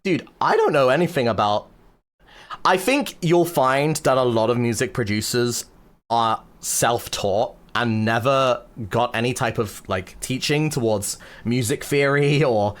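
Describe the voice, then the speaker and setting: A man's voice: medium pitch, lively intonation, unhurried. A man streaming casually and explaining chords in a joking, crude manner, full of swearing and fillers. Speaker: streamer teaching music production. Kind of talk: casual livestream chat.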